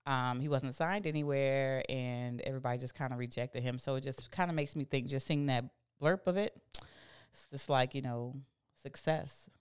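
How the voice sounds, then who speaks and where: A woman's voice: very deep voice, moderate pace, smooth, dry recording, studio quality. A woman co-hosting a podcast, chatting casually and reacting bluntly. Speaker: podcast co-host. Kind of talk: casual chat.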